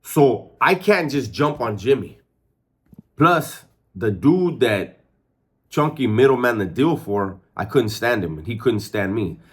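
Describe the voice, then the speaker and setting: A man's voice: medium pitch, lively intonation, unhurried, breathy edge. A middle-aged former prisoner telling his story candidly, in street slang, with lots of restarts and swearing. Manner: streetwise, profane, frequent restarts.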